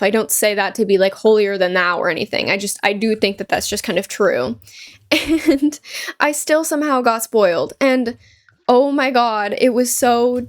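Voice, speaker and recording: A young woman chatting casually over a gameplay video, rambling through stories with lots of fillers and laughter. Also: fairly high pitch. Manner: rambling, animated storytelling with frequent "like" and laughs. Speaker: gaming YouTuber; store cashier.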